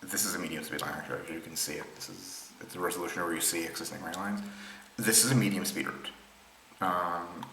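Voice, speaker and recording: A man's voice: sits low, steady tone, fairly quick, noisy background. A man from Israel presenting rail maps in an unscripted screen-share explainer, thinking aloud with many ums and restarts. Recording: roomy echo with faint ambience.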